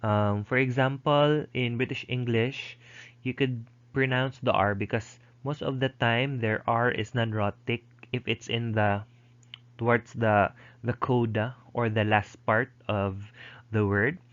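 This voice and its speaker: A male lecturer explaining pronunciation slowly, with frequent fillers and restarts, modeling sounds aloud. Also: mid-range voice, steady tone, fairly bright tone, lo-fi sound. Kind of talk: recorded online lecture.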